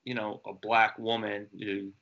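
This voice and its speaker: Man, low and bright, slangy short replies, dull lo-fi sound. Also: level tone, unhurried, creaky. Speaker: friend listening. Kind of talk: casual chat.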